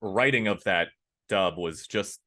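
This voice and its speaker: Man, voice actor guest, lowish bright voice, casual animated chat, candid. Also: a little slow. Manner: animated, acts out quoted lines with big pitch jumps.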